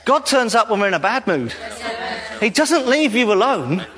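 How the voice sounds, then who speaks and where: A male preacher giving a jokey, animated sermon in a church hall. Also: sits high, normal speed, crowd noise. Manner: animated, jokey, laughs often. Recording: reverberant hall.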